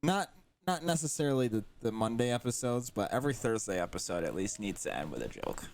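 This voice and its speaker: A man's voice: medium pitch, sing-song, quick pace, darkish tone, a little hiss or hum. A man co-hosting a casual podcast, upbeat and chatty as he steers the talk. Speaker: podcast co-host.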